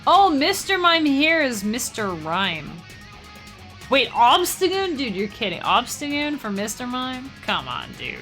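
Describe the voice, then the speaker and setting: A young woman streaming a game has a high-pitched, sharp voice with big swings in pitch, and faint music plays in the background. She's chatty with her viewers, addresses chat directly, and laughs easily.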